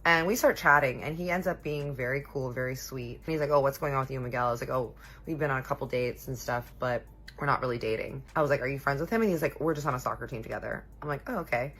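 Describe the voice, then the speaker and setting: A woman in her thirties telling a personal story in a chatty, animated way, acting out what people said. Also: extremely low pitch, fast talker, breathy edge. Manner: chatty, animated, quotes people in little voices. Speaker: storytime vlogger. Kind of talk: casual storytelling.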